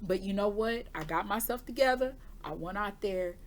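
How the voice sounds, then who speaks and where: A woman's voice: mid-range voice, normal speed, a little hiss or hum. A woman who does intuitive readings, telling her viewers a personal story in a candid, chatty way. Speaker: intuitive reader giving weekly forecasts.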